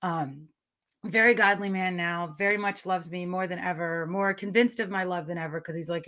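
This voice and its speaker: A middle-aged woman, an author guest in an interview, telling her story in an excitable, rambling way with frequent laughter. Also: lowish voice, moderate pace. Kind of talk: conversational interview.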